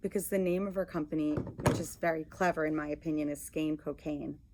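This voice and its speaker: A woman co-hosting a casual podcast with a Rhode Island accent, reacting with quick interjections. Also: low voice, steady tone, very noisy. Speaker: podcast co-host, yarn shop owner. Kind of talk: casual chat.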